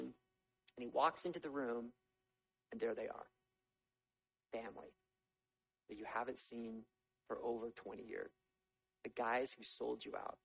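Gravelly, husky-voiced man preaching. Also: mid-range voice, low-quality recording. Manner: conversational, animated storytelling with playful asides. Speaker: pastor. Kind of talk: sermon reading and explaining scripture.

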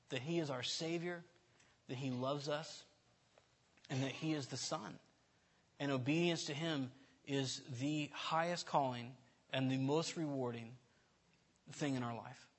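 A man's voice: fairly high pitch, husky. A man giving an informal sermon in a candid, self-deprecating, conversational way, often restarting his sentences. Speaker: preacher.

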